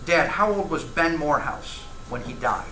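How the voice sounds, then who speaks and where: Lively, bright-voiced man teaching Bible class. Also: fairly high pitch, moderate pace, slight background noise. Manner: conversational, asks the class questions, reads scripture aloud. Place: church classroom. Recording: echoey room, faint ambience.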